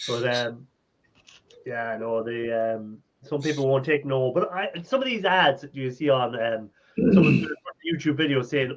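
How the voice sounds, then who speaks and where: A man's voice: mid-range voice, normal speed. A man chatting easily in a casual talk, laughing often. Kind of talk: casual chat. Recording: dull lo-fi sound.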